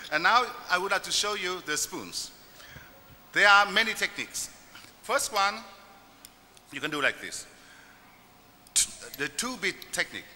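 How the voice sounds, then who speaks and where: Guy demoing music stuff on stage, really bright voice, echoey hall, kinda high. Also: a little hiss or hum. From Vietnam. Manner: halting, playful, counts beats aloud. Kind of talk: live stage demonstration. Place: stage in a hall before an audience.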